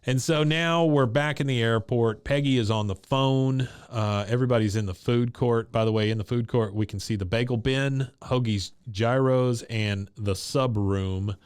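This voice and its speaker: A man on a podcast walks through an episode's plot, scene by scene, in a relaxed, chatty way. His voice is smooth and clear. The sound is close and dry, with no room around it. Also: mid-range voice, moderate pace, few pauses, no echo. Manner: retells scenes, quoting characters' lines. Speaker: podcast co-host recapping an episode. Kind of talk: casual episode recap chat.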